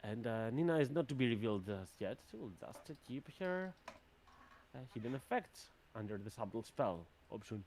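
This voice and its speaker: A man running a tabletop game as game master, thinking aloud in a plain, even way. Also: medium pitch, normal speed, a little hiss or hum.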